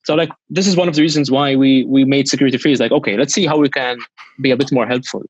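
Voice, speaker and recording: Fast-talking man with a dull sound. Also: medium pitch, steady tone, no room sound. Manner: rapid, stumbling restarts. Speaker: guest. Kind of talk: casual video call interview.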